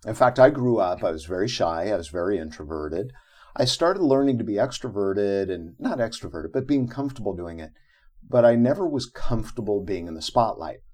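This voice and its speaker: A man's voice: lowish voice, fairly quick. A middle-aged man, an interview guest, telling a personal story in conversation and acting out the quotes in it. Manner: animated, acts out quotes from his own story.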